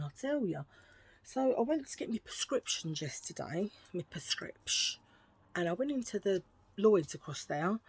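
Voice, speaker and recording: A woman's voice: medium pitch, a little mellow, husky. A middle-aged woman, chatting in a rambling, jokey way to her viewers about her shopping finds. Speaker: vlogger. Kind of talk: casual haul vlog chat.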